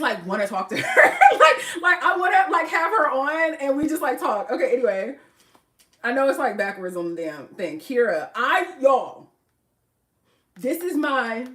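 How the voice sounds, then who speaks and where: A woman's voice: fairly high pitch, recorded from a distance. Chatty Philly woman on a livestream. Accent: Philadelphia. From Philadelphia. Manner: chatty and animated, laughing often, talking straight to viewers. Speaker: livestream host. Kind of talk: casual livestream chat. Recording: roomy and set back from the mic.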